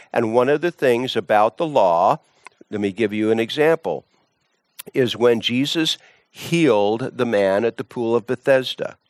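A man's voice: mid-range voice, no echo, studio quality. A man teaching from the Bible, emphatic, often repeating words and restarting phrases.

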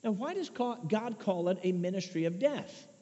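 A man from Chicago preaching a sermon, emphatic, swinging between loud declarations and hushed asides. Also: high voice, expressive, normal speed. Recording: dull lo-fi sound with long reverb.

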